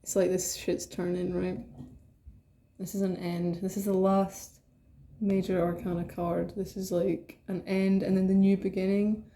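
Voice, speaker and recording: A woman talks through a tarot spread to camera in a loose, rambling way, swearing freely and bubbling over with excitement. Her voice has a mellow, darker tone at a middle pitch. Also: a little slow. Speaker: tarot reader. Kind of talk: casual tarot reading to camera.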